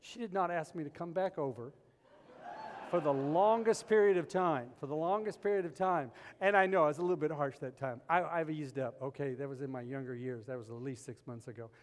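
A man preaching a sermon as pastor, telling stories with animated humor. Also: fairly high pitch, a little fast. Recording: long reverb of a large hall.

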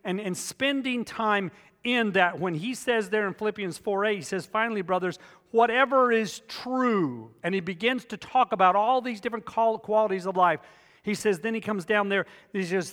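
High-voiced man preaching in a hall. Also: a bit bright. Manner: emphatic preaching with repetitions, storytelling asides. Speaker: pastor. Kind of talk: sermon.

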